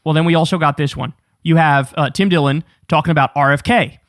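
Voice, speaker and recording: A man's voice: a little high, fairly even intonation, fairly quick, a bit bright, dry recording, clean studio sound. A man hosting a political talk show, ranting with sarcastic, profane emphasis.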